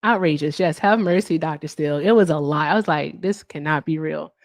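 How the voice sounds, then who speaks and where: A woman's voice: low voice, brisk, darkish tone, no echo. A woman hosting a casual livestream, chatty and brash, cursing freely and humming filler between remarks. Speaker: livestream host.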